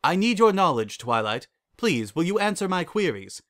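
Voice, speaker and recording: A man's voice: high-pitched, very animated, moderate pace, fairly bright tone, pitched above the performer's own voice. A man voicing a commanding princess pony who talks in a formal, mischievous, teasing way.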